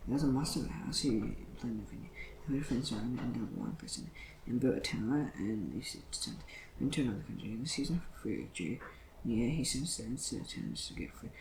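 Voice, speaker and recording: A man reading scripture aloud in a plain, steady way, with occasional stumbles and self-corrections. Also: medium pitch, reverberant, a little hiss or hum, rough recording. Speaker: Bible reader.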